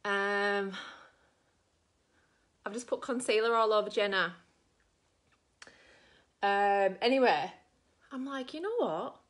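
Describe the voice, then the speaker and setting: A woman's voice: mid-range voice, slow pace, pauses often, fairly bright tone. A middle-aged woman with an Australian accent, doing her makeup on camera and telling a long rambling story full of fillers. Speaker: makeup vlogger.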